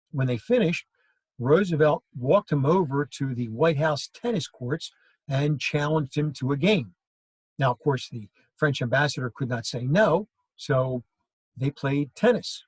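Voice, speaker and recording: A man's voice: medium pitch, slightly rough, no room sound, poor audio. A male history teacher giving a classroom lecture, telling stories and acting out quoted lines. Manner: storytelling, acts out quoted lines.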